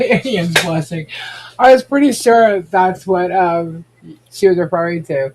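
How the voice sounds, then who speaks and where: A man's voice: high voice, moderate pace, darkish tone, slight background noise. A man hosting a casual podcast, chatting and reacting to viewer comments. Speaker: podcast host. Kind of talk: casual gossip chat.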